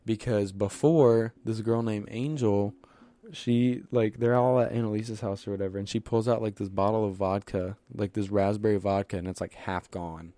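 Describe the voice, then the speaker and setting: A man's voice: on the low side, fairly even intonation, moderate pace, warm tone, no room sound. Rambling young man telling party stories. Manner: rambling storyteller, full of "dude" and "like", laughs often. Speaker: podcast host. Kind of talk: casual chat.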